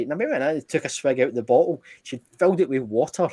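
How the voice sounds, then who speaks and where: A man's voice: fairly high pitch, very animated, quick pace, dark tone, husky, no room sound. A man on a live stream, swearing freely as he tells stories in casual chat. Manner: swears freely, tells anecdotes with acted quotes. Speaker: guest.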